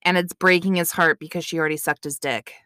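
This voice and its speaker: A woman's voice: fairly low pitch, steady tone, quick pace, bright, forceful tone, no echo, studio quality. A woman co-hosting a podcast, chatting bluntly with crude jokes. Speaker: podcast co-host. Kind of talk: casual chat.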